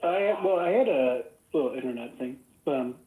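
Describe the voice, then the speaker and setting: A man's voice: mid-range voice, expressive, normal speed, phone-quality sound. A sarcastic, defensive man argues back in a casual online voice room. His voice carries a roomy echo. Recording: echoey online voice chat.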